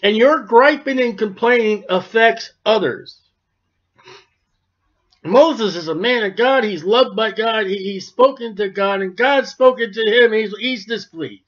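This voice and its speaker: This expository sermon comes from a male pastor whose Bible commentary is folksy and wry. He speaks a little slowly in a high voice, captured on a dull, lo-fi recording.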